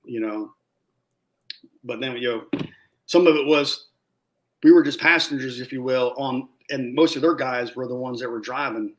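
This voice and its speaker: A man telling war stories in a casual interview, animated, acting out what people said and swearing freely. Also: medium pitch, moderate pace, long pauses. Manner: animated storyteller, acts out quotes loudly, swears. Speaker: guest, former Marine scout sniper.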